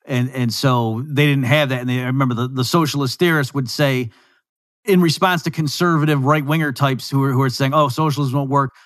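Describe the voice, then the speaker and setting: Male podcast host, chatty and quick to act out quotes, dry close mic, mid-pitched. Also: no echo. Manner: talks in lively bursts, slips into voices for quoted people. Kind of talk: casual economics discussion.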